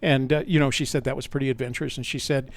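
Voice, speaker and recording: A man's voice: medium pitch, steady tone, quick pace, dry recording. Older man telling a rambling story. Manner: rambling, self-correcting, conversational. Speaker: podcast host. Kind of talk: personal storytelling.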